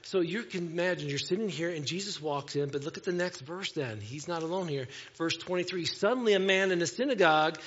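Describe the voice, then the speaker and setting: A man preaching to his congregation in a loose, conversational way, mixing scripture reading with asides that poke fun at himself. His voice sits a bit high for a man. The sound is a little dull and carries a long church-hall reverb. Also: brisk, hardly any pauses, fairly bright tone, slight background noise. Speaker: pastor. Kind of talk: sermon. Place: church sanctuary.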